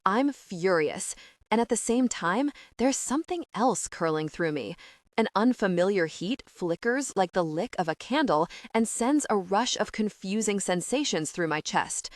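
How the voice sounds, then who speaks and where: Woman narrator, first-person dark romance reading, dramatic and expressive, dry booth sound. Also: mid-range voice, dry recording. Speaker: audiobook narrator.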